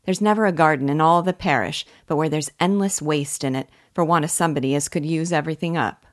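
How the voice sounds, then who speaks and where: A woman's voice: low-pitched, fast, lightly acted. A woman voicing an eager, helpful young male gardener who talks in an earnest, rustic way.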